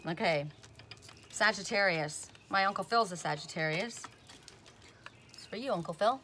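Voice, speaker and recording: A woman's voice: medium pitch, normal speed, a bit bright, a little hiss or hum. A woman giving a casual spoken oracle card reading. She chats, often tags on "right?", and breaks off with sudden emphatic "Stop.".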